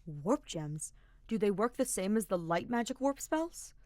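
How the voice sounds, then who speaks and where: A woman reading a fan-fiction audiobook, voicing an excitable young male paladin who gushes and gasps. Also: measured pace, no echo. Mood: curious. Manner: eager, gasping, squeaky.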